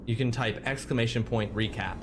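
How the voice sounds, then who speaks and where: A man streaming a video game, chatting casually with animated, rambling asides. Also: medium pitch, fairly quick, noisy background.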